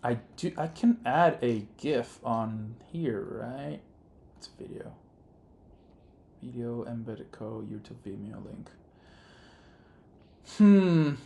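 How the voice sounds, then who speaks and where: During a casual live stream of his game development work, a man whose native language is Spanish, spoken with a Rioplatense accent, rambles and thinks aloud with many fillers. His medium-pitched voice is expressive and mellow, slow with vocal fry and long pauses, over a little hiss or hum.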